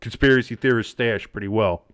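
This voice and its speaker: Man, New Jersey accent, sports co-host, excitable, rambling, casual live chat. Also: lowish voice, a little fast, clean tone. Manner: excitable, rambling, many restarts.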